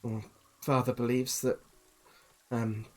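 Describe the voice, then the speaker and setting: A man voicing a weary young woman, the camp leader's daughter, speaking in a slow, measured, hesitant way. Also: mid-range voice, little pitch movement, darkish tone, lightly acted.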